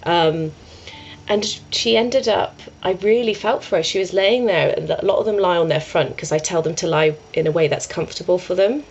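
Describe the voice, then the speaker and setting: A young woman with a low voice speaks with gravelly fry. She tells a story earnestly, restarting and circling back often. Faint noise sits under the recording. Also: normal speed, a little mellow, dull audio. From England. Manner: earnest, rambling, many restarts and "I was like". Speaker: yoga and meditation teacher, podcast guest. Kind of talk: conversational storytelling.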